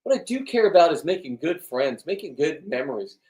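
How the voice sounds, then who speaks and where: A man's voice: fairly high pitch, sing-song, fairly quick, darkish tone. A middle-aged man in a rambling, blunt vlog monologue, swearing often and restarting his sentences. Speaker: vlogger. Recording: echoey room, distant from the mic.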